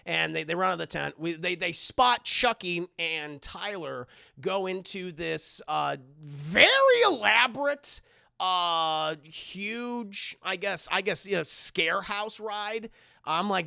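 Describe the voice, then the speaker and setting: Animated, gravelly-voiced male reviewer. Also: high-pitched, slow pace, dry recording, clean studio sound. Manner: animated, profane, rambling. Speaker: movie reviewer streamer. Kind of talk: casual live-stream movie recap.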